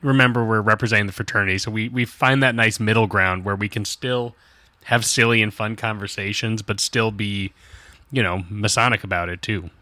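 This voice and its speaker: A man co-hosting a podcast in casual chat, reflective and quick to laugh. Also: on the low side, steady tone, sharp tone, dry recording. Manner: reflective, laughs easily, sometimes does voices. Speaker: podcast co-host.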